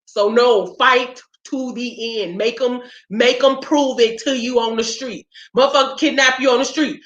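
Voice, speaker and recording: A woman with a somewhat high voice talks casually and bluntly, swearing often and getting worked up as she tells stories. The recording sounds echoey and a bit muffled, as if made in a bare room. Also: steady tone, normal speed, fairly bright tone. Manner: blunt, profane, fired-up storytelling. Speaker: podcast host. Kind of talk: casual chat. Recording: roomy, dull lo-fi sound.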